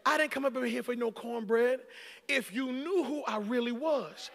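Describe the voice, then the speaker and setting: A calm, gently chiding Jesus, as a male preacher plays him speaks in a soft, measured tone. The voice stays high and bright. It carries a long church-hall reverb. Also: creaky, exaggerated voice. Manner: measured, soothing, lowered volume.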